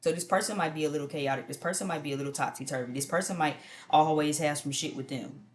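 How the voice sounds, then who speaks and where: A woman's voice: sits low, quick pace. A woman giving a casual tarot reading to viewers in a blunt, profane, conversational way. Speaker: tarot reader.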